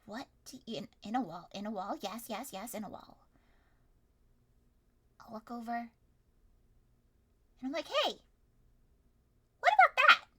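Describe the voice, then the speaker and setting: A young woman streamer improvising a story with her chat in a playful, animated way, at times loud and at times hushed. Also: on the high side, a little slow, long pauses, background noise. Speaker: streamer running an interactive story.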